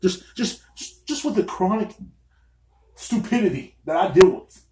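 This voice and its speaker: A man's voice: sits high, lively intonation, unhurried, a little mellow. A man hosting a solo podcast, ranting angrily and swearing constantly from a small room. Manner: angry, profane ranting. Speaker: podcast host.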